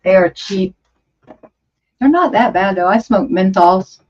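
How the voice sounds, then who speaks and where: A woman's voice: mid-range voice, unhurried. A woman over fifty hosting a casual livestream, chatting in a rambling, exclaiming way as she reads viewer comments. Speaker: livestream host. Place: home studio. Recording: dull lo-fi stream audio.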